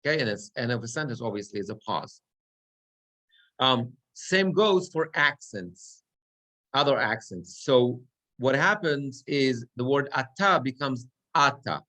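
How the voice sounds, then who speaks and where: A man's voice: mid-range voice, lively intonation, measured pace, bright, forceful tone. A cantor and rabbi teaching a class on prayer chanting. He explains step by step and often asks "right?" to check that his students follow.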